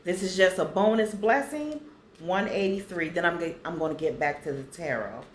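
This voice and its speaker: A woman vlogger casually talking to viewers and slowly reading affirmations aloud so they can write them down. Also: fairly low pitch, lively intonation, roomy sound, a little hiss or hum. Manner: slow, deliberate reading for viewers to copy.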